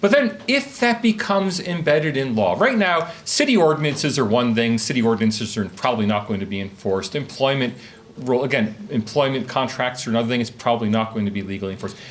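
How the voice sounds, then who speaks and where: In a conference room, a male academic gives a brisk talk to a live audience in a mid-range voice, with slight background noise. He speaks from notes in a lively, questioning lecture style.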